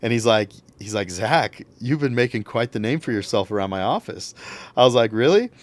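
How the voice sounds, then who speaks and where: A man's voice: fairly low pitch, fairly quick. A young man, a podcast guest, telling a story casually and acting out what others said. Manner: animated, acts out quotes.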